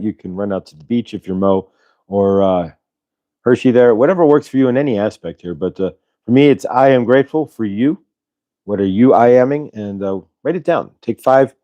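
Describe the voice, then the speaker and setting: A man's voice: mid-range voice, no room sound, dull audio. A man hosting a casual spiritual livestream, talking loosely and reading out viewers' chat messages. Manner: relaxed, rambling, reads chat aloud. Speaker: host.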